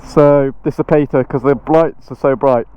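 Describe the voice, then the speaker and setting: A man's voice: mid-range voice, steady tone, normal speed. A man vlogging casually on a motorcycle trip, rambling and joking with lots of fillers, recorded outdoors on a helmet camera mic. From England. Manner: rambling and jokey, with many fillers. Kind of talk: casual vlog chat. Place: outdoors at a motorway service station, then riding a motorbike. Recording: dull lo-fi sound with clear road noise.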